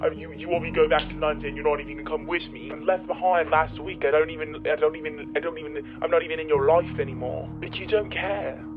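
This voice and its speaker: A woman's voice: low voice, fairly even intonation, fast talker, few pauses. A woman voicing a whiny, self-pitying young man who stammers through a complaint, with a tinny phone-like filter. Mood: whining. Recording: tinny phone-like sound with music.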